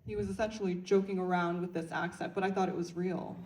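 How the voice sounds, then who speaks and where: A woman interpreting Korean into English at a film Q&A, speaking clearly and evenly. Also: lowish voice, level tone, fast talker, recorded from a distance, heavy background noise. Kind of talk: consecutive interpreting.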